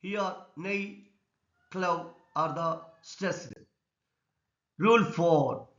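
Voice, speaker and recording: Slow-speaking male English teacher, echoey. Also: fairly high pitch, fairly bright tone. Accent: Indian English. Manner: slow, deliberate explanation, repeating words and stress rules. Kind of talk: classroom lesson on word stress. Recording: echoey room, dull lo-fi sound.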